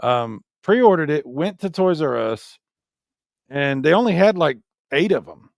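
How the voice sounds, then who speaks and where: A man co-hosting a casual podcast chat, telling animated stories and acting out what people said. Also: on the high side, a little slow, creaky, dry recording, clean studio sound. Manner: animated storyteller, acts out quotes. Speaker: co-host.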